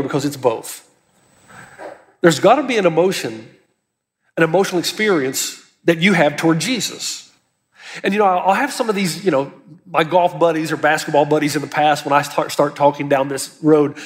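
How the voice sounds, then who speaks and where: A man's voice: on the high side, a little fast. A male pastor preaching an earnest, emphatic sermon, lifting his voice on key words. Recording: long hall reverb.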